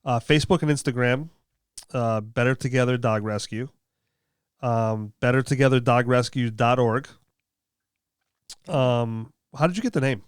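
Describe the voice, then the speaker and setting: A man with a smooth, clean voice hosts a relaxed chat in a dry studio sound. He rambles warmly, circling back with fillers as he encourages his guest. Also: mid-range voice, normal speed, long pauses, dry recording. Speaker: podcast host. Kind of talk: casual chat.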